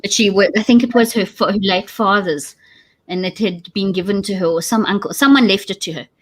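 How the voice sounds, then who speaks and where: A woman with a South African accent, chatting casually with lively, jokey asides. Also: medium pitch, brisk. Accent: South African English. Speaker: co-host. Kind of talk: casual chat.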